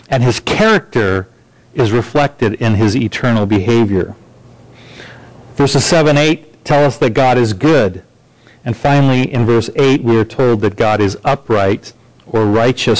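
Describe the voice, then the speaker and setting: A man preaching a sermon as pastor, measured and emphatic, building lines through repetition. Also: medium pitch, low-quality recording.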